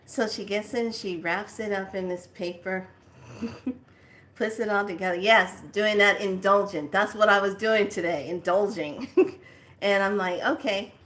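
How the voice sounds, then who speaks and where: A woman vlogger telling a casual story in an animated way, laughing often. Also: mid-range voice, unhurried. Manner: animated, laughing, squeals in quoted lines. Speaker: spiritual vlogger.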